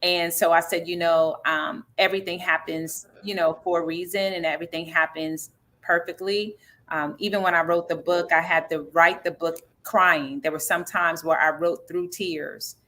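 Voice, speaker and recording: Woman author-director, interview guest, earnest and reflective, lower pitch, bright tone. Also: fairly even intonation, normal speed. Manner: earnest, reflective, faith-centered, frequent fillers. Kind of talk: conversational interview answers.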